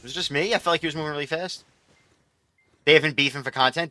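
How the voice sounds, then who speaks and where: A young man streaming live, commenting on his gameplay in an excitable, profane, rambling way. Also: on the high side, fast, no echo.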